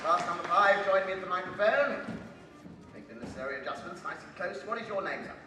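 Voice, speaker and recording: A man's voice: sits high, fairly quick. A man hosting a live comedy stage show in a theatrical, mock-pompous, playful way. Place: large hall with a live audience. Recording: echoey hall from far off, crowd noise.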